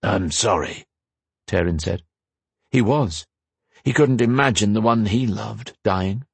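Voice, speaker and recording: Husky low-voiced male narrator. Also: no echo. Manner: measured storytelling. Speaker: audiobook narrator. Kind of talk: scripted narration.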